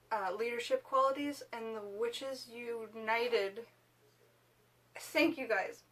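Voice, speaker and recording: A woman's voice: fairly high pitch, fairly bright tone. A woman hosting a witchcraft video, chatting casually to camera in a rambling way with lots of fillers.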